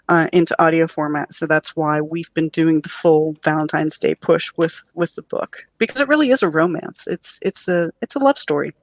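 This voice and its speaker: Woman, writer guest, slightly low voice, animated storyteller, dry close sound. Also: no echo. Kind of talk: podcast interview.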